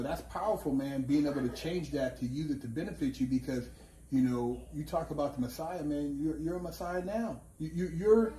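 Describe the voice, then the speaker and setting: A man hosting a casual conversation, animated and laughing, swearing freely as he tells stories. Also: fairly high pitch, slight background noise. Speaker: podcast host. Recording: echoey room with faint ambience.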